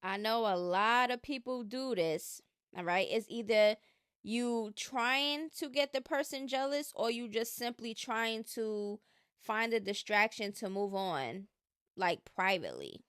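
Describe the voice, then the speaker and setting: Woman, gossip commentary host, opinionated, chatty, smooth, dry close sound. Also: on the high side, a bit bright, dry recording. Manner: opinionated, chatty, drawn-out emphasis.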